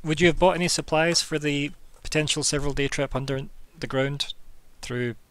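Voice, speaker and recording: A man's voice: fairly high pitch, steady tone, moderate pace, a bit bright, clean tone. Casual rambling man running a game. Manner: casual, rambling, lots of fillers. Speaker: game master. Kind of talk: narrating a tabletop game. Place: home, online voice call.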